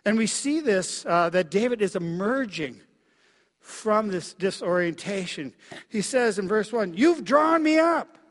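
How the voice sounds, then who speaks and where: High-voiced man preaching in a reverberant hall. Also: lively intonation. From Minnesota, USA. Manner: reflective, halting, with many fillers and soft dips. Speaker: pastor. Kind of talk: sermon. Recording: long reverb of a large hall.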